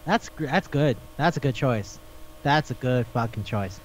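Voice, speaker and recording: A young man co-hosting a casual podcast, swearing a lot and acting out characters in animated voices. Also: medium pitch, moderate pace. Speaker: podcast co-host. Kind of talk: casual chat about anime. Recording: dull lo-fi podcast recording.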